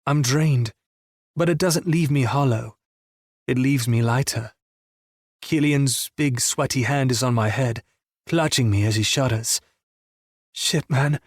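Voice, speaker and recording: A man's voice: medium pitch, measured pace, no room sound, studio quality. A man narrating a first-person romance audiobook in an intense, emotional reading.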